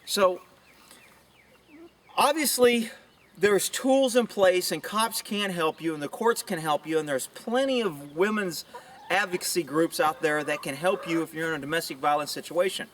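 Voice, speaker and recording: A man's voice: moderate pace, fairly bright tone, a little hiss or hum. A middle-aged man who is a police officer, talking bluntly and opinionatedly to camera outdoors, with rambling asides. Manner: puts on high mocking voices for quoted women. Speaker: police officer sharing views. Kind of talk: casual monologue to camera. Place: outdoors with chickens nearby. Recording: voice somewhat far from mic.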